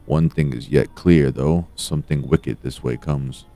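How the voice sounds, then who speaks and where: A man voicing an ominous, all-seeing mystical entity that speaks in slow, archaic, cryptic phrases. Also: rumbling low, dark tone, soft background music.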